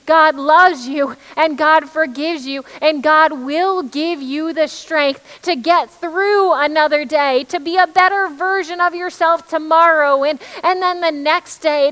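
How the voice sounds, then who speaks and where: A woman pastor delivering an online sermon, slowing her pace to press key phrases home. Her voice sits high and bright, ringing with a long reverb. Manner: warm reassuring preaching, slowing down to stress key words.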